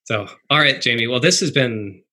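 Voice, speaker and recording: A man hosting a podcast interview, talking in a halting way and often restarting his sentences. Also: mid-range voice, expressive, sharp tone. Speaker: podcast host. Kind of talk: casual interview chat.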